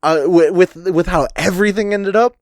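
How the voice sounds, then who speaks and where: A man co-hosting a podcast in casual chat, a relaxed storyteller who swears casually. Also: high voice, moderate pace, no echo, clean studio sound. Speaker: podcast co-host.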